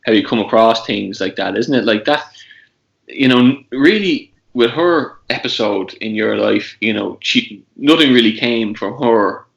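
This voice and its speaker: A man hosting a podcast, asking questions in a halting way with restarts and frequent "you know.". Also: mid-range voice, vocal fry, a bit bright, dull audio. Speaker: podcast host. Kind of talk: interview questions.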